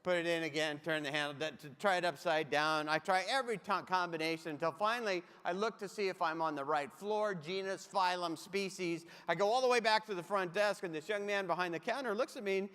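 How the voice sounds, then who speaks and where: A man with a high, bright-sitting voice tells funny travel stories as a keynote speaker. He talks right to the crowd with comic timing. His voice rings out with a long hall reverb behind it. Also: brisk, few pauses, clear, resonant tone. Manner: comic, anecdotal, addresses the audience directly. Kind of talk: humorous keynote storytelling.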